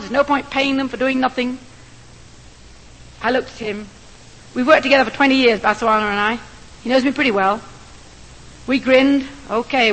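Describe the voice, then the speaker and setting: High earnest woman preaching in a hall. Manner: earnest, lively storytelling with rising emphasis. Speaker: missionary doctor preaching. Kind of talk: sermon with storytelling. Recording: long hall reverb.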